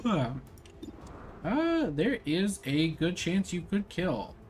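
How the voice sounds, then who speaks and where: A man's voice: high-pitched, big pitch swings, takes it slowly, soft background music. A young man casually commenting on his gameplay, rambling with fillers and slang. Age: young adult. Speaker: gameplay streamer.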